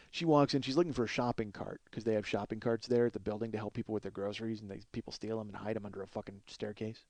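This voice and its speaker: A man's voice: medium pitch, a little mellow, no echo. Exasperated man ranting through a story. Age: 40s. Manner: profane, exasperated, storytelling with quoted exchanges. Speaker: podcast host. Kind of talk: rambling comic monologue.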